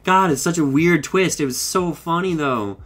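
A man giving a casual, rambling recap of a cartoon episode, excitable and full of swearing and fillers. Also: a little high, normal speed, soft background music. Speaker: show reviewer.

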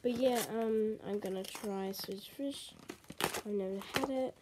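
A woman chatting excitedly in a casual snack taste-test vlog, full of ums and likes. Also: medium pitch, unhurried, background noise. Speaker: vlogger.

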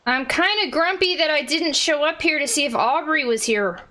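A woman giving casual let's-play commentary, chatty and excitable, reading game text aloud. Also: high-pitched, moderate pace, a little hiss or hum.

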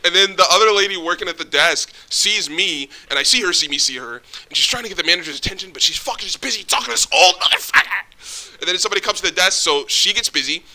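A young man telling a story in a casual, excitable, profane, animated way. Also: high voice, fast, noisy background. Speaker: vlogger.

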